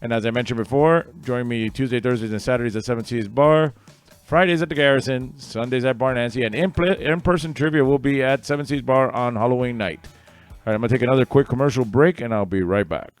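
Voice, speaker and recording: A man's voice: medium pitch, quick pace, clean tone, faint music behind. Offhand man hosting online trivia. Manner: rambling, offhand asides between answers. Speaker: trivia host. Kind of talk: casual livestream trivia hosting.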